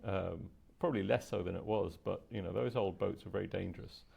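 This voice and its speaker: Gravelly, husky man in podcast chat. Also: deep voice, a little fast, dull audio. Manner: rambling, opinionated, nerdy, many fillers. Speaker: podcast co-host. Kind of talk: casual chat.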